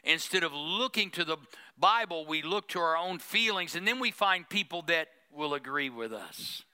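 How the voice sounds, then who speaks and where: A pastor preaching a sermon in church, with humor and mock prayers. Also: male voice, a little high, expressive, normal speed, sharp tone, clean tone.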